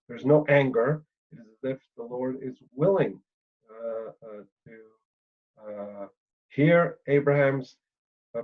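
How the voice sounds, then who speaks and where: A man lecturing on a Bible passage, thinking aloud with pauses and fillers and often checking in with "right?". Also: mid-range voice, narrow, tinny audio.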